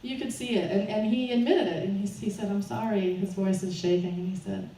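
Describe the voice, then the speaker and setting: A woman's voice: medium pitch, a little fast, dark tone. A woman telling a personal story to a live audience at a fundraiser, nervous and often laughing. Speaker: speaker at a fundraiser. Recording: roomy, distant, faint background noise.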